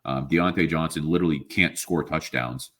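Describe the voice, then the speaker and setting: A man with an extremely deep voice vents angrily about his team, swearing freely in a casual podcast chat. He mentions being sick, and his talk rambles with restarts and exasperated sighs. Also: normal speed, fairly bright tone. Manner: ranting, profane, frustrated. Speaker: podcast co-host.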